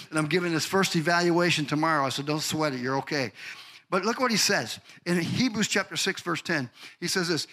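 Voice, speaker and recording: An older male pastor preaching with fervor, his voice a touch high and bright with a forceful edge. He calls out members of the congregation by name and swells into shouted, almost sung peaks. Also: brisk. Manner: builds to shouted, sing-song climaxes. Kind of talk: sermon.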